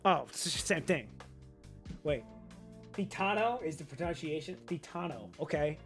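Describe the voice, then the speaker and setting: A man chatting casually to his viewers, rambling and thinking out loud with the odd swear. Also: fairly high pitch, lively intonation, normal speed, faint music behind. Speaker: streamer.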